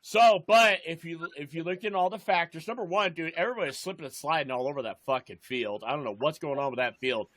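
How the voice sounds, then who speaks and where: Young guy cussing his way through a long story on a podcast, kinda high voice. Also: fast talker, hardly any pauses, fairly bright tone, no echo. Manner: profane, rambling storyteller. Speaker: podcast co-host. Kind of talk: casual chat.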